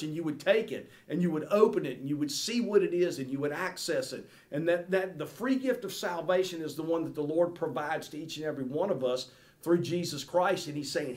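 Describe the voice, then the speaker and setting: A man's voice: fairly high pitch, fairly quick. A man teaching a Bible study like a sermon, earnest and pleading, often repeating words and saying "uh". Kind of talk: sermon-style Bible lesson.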